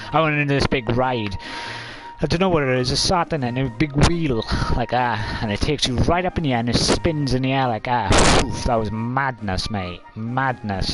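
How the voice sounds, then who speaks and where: A man's voice: medium pitch, rough recording. Rambling male streamer, mid-range voice, blunt and sweary, music playing behind. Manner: rambling, blunt, swears freely, chummy "mate". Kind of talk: casual rambling live-stream chat. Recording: talk over clear background music.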